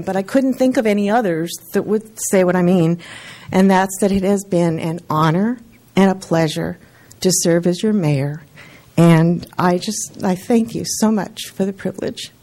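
A woman's voice: medium pitch, a little mellow. Emotional woman mayor giving a farewell speech. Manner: heartfelt, earnest, close to tears. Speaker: outgoing mayor. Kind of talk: farewell speech at a council meeting. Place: city council chamber.

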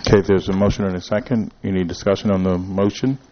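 A man chairing a city council meeting, calling motions and roll calls in a brisk procedural way. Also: deep voice, fairly even intonation, lo-fi sound, a little hiss or hum.

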